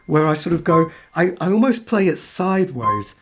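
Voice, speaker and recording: A man's voice: high voice, very animated, moderate pace, few pauses. A man teaching a piano tutorial, often singing phrases on nonsense syllables as he explains. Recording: piano played behind speech.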